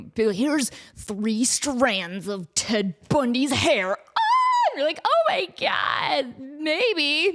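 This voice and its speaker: A woman podcast host telling a comedic story, self-deprecating and acting out quotes in an animated way. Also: medium pitch. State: out of breath.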